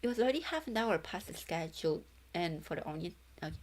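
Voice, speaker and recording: A young woman reads a novel aloud in a casual stream, tripping over words and fixing them as she goes. Her pitch bounces in a lively way. She keeps breaking off to chat about what she sees. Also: fast. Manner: stumbling, self-correcting reading, breaks into chatter. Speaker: VTuber reading a novel aloud. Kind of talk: casual read-along.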